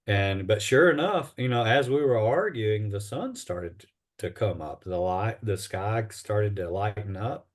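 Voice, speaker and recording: Rambling man telling a story. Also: lowish voice. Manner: rambling, halting with many fillers and restarts. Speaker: interview guest, bigfoot investigator. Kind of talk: casual storytelling in an interview.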